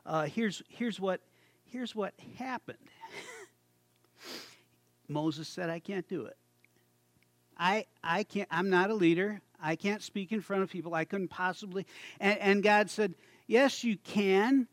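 A man giving an informal, chatty sermon, halting and restarting, acting out voices with a chuckle. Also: on the high side, dry recording. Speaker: preacher.

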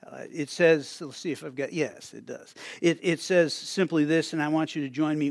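A man's voice: on the high side, steady tone, normal speed, creaky, hardly any pauses, no room sound. An older man preaching a sermon in a conversational way, often restarting phrases and chuckling to himself. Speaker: pastor.

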